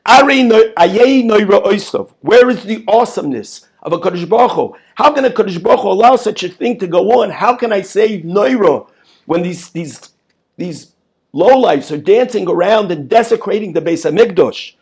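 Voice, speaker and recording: Male rabbi teaching, emphatic, lively high pitch, gravelly. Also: moderate pace. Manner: emphatic, repeats words, rhetorical questions. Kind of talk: Torah lesson.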